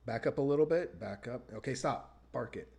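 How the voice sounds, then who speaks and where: A man from the United States telling a story in casual chat, lively and acting out the people he quotes. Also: medium pitch, moderate pace, creaky, husky.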